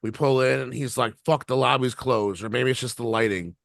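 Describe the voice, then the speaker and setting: A man co-hosting a podcast spins a long, profane yarn at a brisk clip, his mid-range voice creaky as he laughs along. The sound is studio grade and free of room noise.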